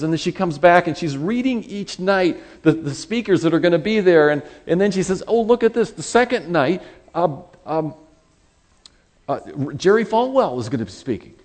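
A man preaching a sermon, conversational and animated, telling a personal story and acting out quoted voices. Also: on the high side.

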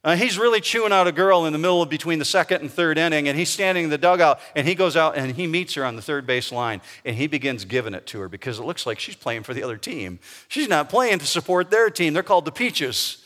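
Male pastor, emphatic sermon delivery, lively pitch, big reverberant sanctuary. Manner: emphatic, slows down to stress key words. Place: church sanctuary. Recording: long reverb of a large hall.

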